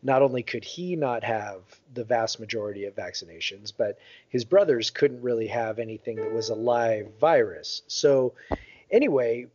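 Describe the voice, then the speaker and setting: A man in his thirties, co-hosting a podcast, telling a long anecdote in casual chat, with many fillers and lively voiced quotes. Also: medium pitch, moderate pace, slight background noise. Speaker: podcast co-host. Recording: dull lo-fi podcast audio.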